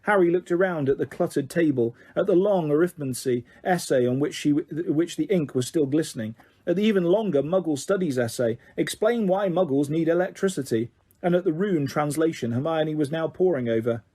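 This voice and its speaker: Husky, mellow male audiobook narrator. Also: a little high. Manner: steady, measured storytelling. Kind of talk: audiobook reading.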